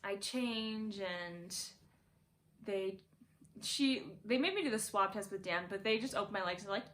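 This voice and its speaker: A woman's voice: mid-range voice, animated, measured pace, fairly bright tone. A young woman casually telling a birth story from her bedroom, chatty and laughing, full of "like".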